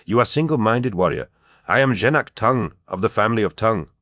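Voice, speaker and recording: A man's voice: fairly low pitch, brisk, no room sound, clean studio sound, pitched above the performer's own voice. A man putting on an airy stranger with a peculiar accent. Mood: airy, assured. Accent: peculiar foreign accent. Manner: airy, calm. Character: soft-spoken stranger, man of a strange land.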